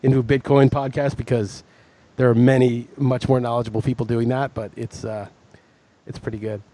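A man's voice: medium pitch, level tone, fairly quick, mellow, no room sound. A man co-hosting a podcast in casual chat, telling long, rambling, self-mocking stories. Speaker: podcast co-host.

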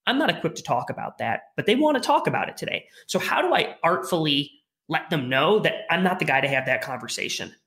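A man co-hosts a sales podcast, putting questions to his guest in a relaxed, conversational way. His voice is bright and forward, pitched a little above the usual. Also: fast. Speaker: podcast co-host. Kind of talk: casual podcast interview.

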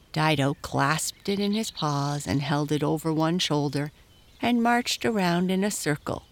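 A woman reading a children's storybook aloud, slow and lively, acting out the voices. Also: deep voice, slight background noise. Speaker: narrator.

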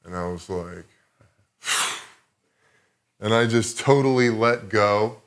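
A man with a somewhat low voice chats as a podcast guest. He tells his story loosely, with plenty of swearing and a reflective turn, in a casual, unscripted way. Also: takes it slowly, fairly bright tone. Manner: profane, rambling, reflective.

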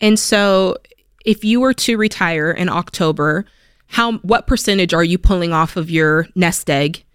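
A woman hosting a money advice radio show, talking in an energetic, motivational way and acting out quotes. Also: measured pace, clean tone, no echo, studio quality. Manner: energetic, animated, acts out quotes in a higher voice. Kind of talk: upbeat motivational radio talk.

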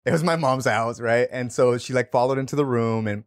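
A man in his thirties, a podcast guest, telling stories in relaxed casual chat. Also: medium pitch, a little fast.

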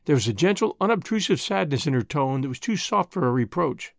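A man narrating an old novel as an audiobook, in an expressive, measured storytelling way. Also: a little high, vocal fry, no room sound, studio quality.

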